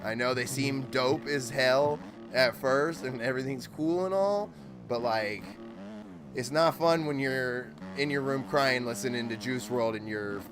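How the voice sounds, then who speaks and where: A man's voice: medium pitch, measured pace, music in the background. A man live-streaming a motocross game, chatting loosely and swearing, rambling with lots of "like" and "dude". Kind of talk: casual live-stream chat while gaming. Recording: motorbike game engine noise behind.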